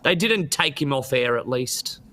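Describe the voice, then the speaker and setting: A man's voice: medium pitch, lively intonation, unhurried, pushed and bright. A man hosting a radio talk show in an easygoing, conversational way.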